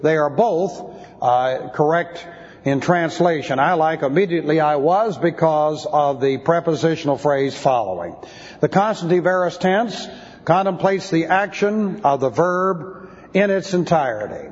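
A pastor teaching a sermon, methodically explaining Greek grammar in a precise, measured way. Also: male voice, on the high side, lively intonation. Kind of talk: expository Bible teaching sermon. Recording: dull, lo-fi recording with long hall reverb.

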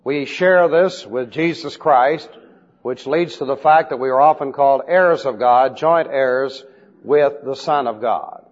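A man preaching in a deliberate style, teaching Bible doctrine, and spelling out Greek words letter by letter. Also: mid-range voice. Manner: slow, deliberate emphasis on key phrases. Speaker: pastor. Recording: dull lo-fi recording with long hall reverb.

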